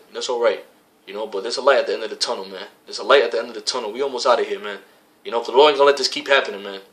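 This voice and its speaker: A man of average pitch delivers a heated rant to the brothers of his religious community. He swears freely, repeats himself and closes many sentences with "man". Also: a bit bright. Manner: heated, repetitive, profane, keeps adding "man". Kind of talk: impassioned spoken rant.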